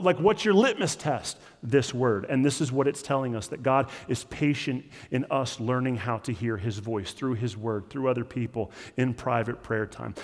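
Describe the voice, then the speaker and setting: A man preaching a conversational sermon as pastor, often acting out quoted voices. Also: medium pitch. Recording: long hall reverb.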